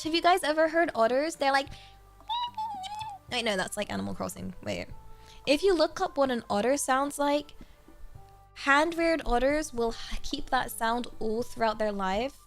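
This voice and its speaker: A woman's voice: on the high side, creaky. A woman chatting casually on her livestream, rambling with many fillers and giggling often. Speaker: streamer.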